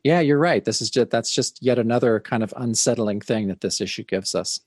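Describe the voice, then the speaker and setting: A man co-hosting a podcast who recaps a comic book in an animated way, acting out the dialogue. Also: medium pitch, fairly quick, no room sound, clean studio sound. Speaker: podcast co-host. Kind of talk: casual comic book discussion.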